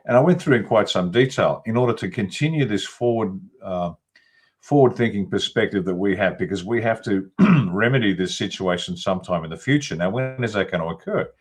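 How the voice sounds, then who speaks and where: A man speaks in a fairly low voice, blunt and emphatic, reeling off long lists as he makes his case. He is a guest in a political interview, talking over a video call. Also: animated, brisk. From Australia. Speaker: guest commentator.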